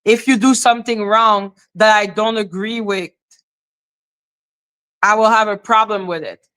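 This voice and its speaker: A woman's voice: medium pitch, fairly even intonation, unhurried, fairly bright tone, smooth. A woman hosting a livestream, talking bluntly and profanely in a heated rant to her chat. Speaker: livestream host.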